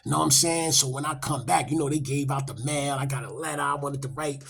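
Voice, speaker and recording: A man's voice: fairly high pitch, quick pace, vocal fry, slight background noise. A middle-aged man, telling a story in casual street talk and acting out the quotes. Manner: animated, acts out quotes, rising loud when excited.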